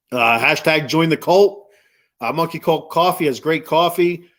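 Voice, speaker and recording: A man's voice: a little high, slow, fairly bright tone. Rambling man hosting a sports show. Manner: rambling, filler-heavy, repeats himself. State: choked up. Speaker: sports podcast host. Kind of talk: casual live-stream sports talk.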